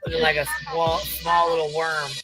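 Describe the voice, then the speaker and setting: A woman's voice: low-pitched, flat delivery, normal speed, over loud music, rough recording. A woman hosting a livestream, bantering crudely and laughing often. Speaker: livestream host. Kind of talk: casual group commentary.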